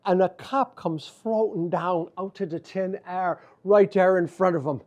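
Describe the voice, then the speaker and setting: Animated Irish storyteller spinning a folktale. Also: male voice, high voice, moderate pace. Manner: lilting, animated, repeats phrases.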